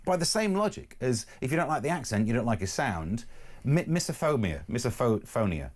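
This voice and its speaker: A male talk radio host in casual studio chat, sarcastic and opinionated. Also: medium pitch. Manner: animated, sarcastic, quick-talking.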